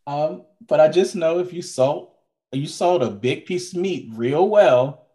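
A man's voice: a little high, unhurried, dark tone. A man co-hosting a podcast in a casual, rambling chat, often repeating himself. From from Maryland, now Florida. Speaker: podcast co-host.

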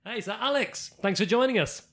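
A male co-host with a fairly high voice asks eager questions and laughs easily. He chats casually with the guest in a small karaoke box. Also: fairly quick, fairly bright tone. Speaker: podcast co-host. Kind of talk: casual interview chat.

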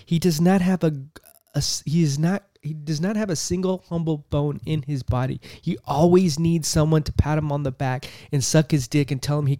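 A man's voice: on the high side, normal speed, warm tone, no echo, studio quality. Heated, cursing man ranting on politics. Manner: heated, profane, repeats himself. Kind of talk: angry political commentary.

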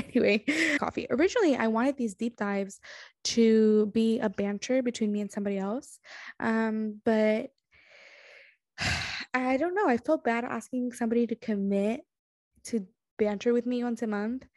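Curled up on a couch at home, a drowsy young podcast host talks on her own in a fairly high, slightly mellow voice at a moderate pace. She rambles casually with plenty of fillers and keeps restarting herself self-deprecatingly, and the sound is clean studio quality without echo.

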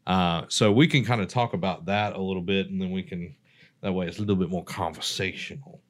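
A man hosting a relaxed faith discussion and leading the conversation. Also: deep voice, brisk. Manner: relaxed, conversational, leads the topic. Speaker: podcast host. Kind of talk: casual discussion.

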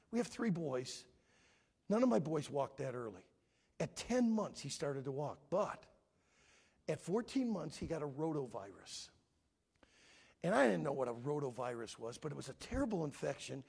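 A man's voice: fairly high pitch, a little mellow, husky. A middle-aged man, a pastor, preaching a sermon and telling an emotional personal story with dramatic swings in his voice. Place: church.

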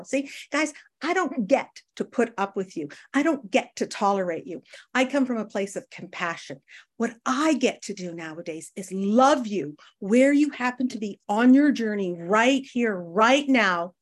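Woman, recovery share, casual talk, frequent tag questions, acts out quotes. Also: a little high. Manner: conversational, addresses listeners as guys, frequent tag questions; acts out quoted people with lively voices. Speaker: speaker sharing at a recovery meeting.

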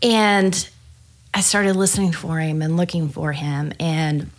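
A woman who works as a pastoral care pastor tells a personal story in a podcast conversation, animated and acting out the dialogue. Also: sits low, unhurried. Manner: lively storyteller, acts out dialogue.

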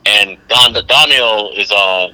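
A man's voice: lowish voice, slow pace, bright, forceful tone, poor audio. A man, calling in by phone and chatting agreeably with the host, chuckling along. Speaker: guest calling in. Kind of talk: casual chat. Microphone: phone call.

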